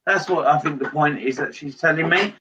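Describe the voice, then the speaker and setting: A fairly high-voiced man gives a live spirit reading, and he pauses often and fills the gaps as he goes. He sits back from the mic, and the sound is dull and lo-fi. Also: pushed and bright, far from the mic. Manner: halting, relays messages with many pauses and fillers. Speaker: medium giving a reading.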